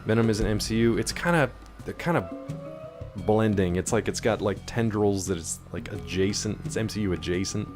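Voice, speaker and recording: A man's voice: lowish voice, brisk, over music. A young man chatting casually on a live stream, answering chat and hopping between topics while he plays. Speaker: game streamer.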